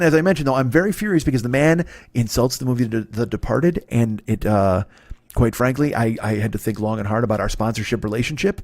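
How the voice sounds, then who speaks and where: A man's voice: medium pitch, no room sound, clean studio sound. A man hosting a comedy podcast, rambling and profane through a casual ad read.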